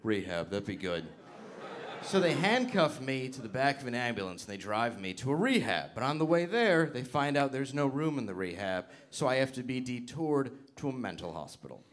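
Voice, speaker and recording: A man doing stand-up comedy, telling an animated story that builds to frantic shouting. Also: medium pitch, brisk, few pauses.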